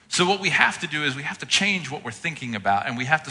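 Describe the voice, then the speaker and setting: A man preaching a sermon, telling everyday stories and acting out his own exasperated reactions with lively energy. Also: mid-range voice, quick pace, few pauses. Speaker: pastor. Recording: long hall reverb.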